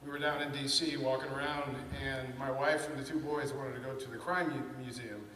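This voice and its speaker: A man's voice: medium pitch, fairly quick, far from the mic. Casual talk, man in his 50s, chatty speaker voice, echoey hall with a faint hiss. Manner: conversational, animated storyteller. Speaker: panel speaker. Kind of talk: personal storytelling talk.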